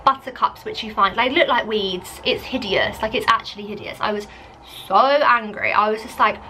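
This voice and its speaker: A woman's voice: mid-range voice, moderate pace, slight background noise. A young woman, chatting casually as she tells a story to camera, saying "like" constantly. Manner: chatty, animated, lots of "like". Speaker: vlogger.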